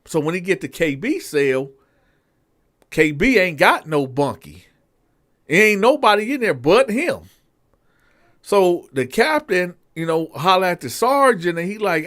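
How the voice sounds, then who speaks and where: A man's voice: a little high, very animated, moderate pace, fairly bright tone. A man and show host telling a prison story in a casual, slangy way, speaking straight to his listeners.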